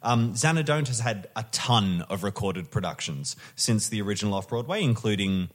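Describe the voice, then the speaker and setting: A man's voice: fairly low pitch, expressive, moderate pace. A man hosting a podcast, casually reading out a show's history with wry asides and self-corrections. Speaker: podcast host.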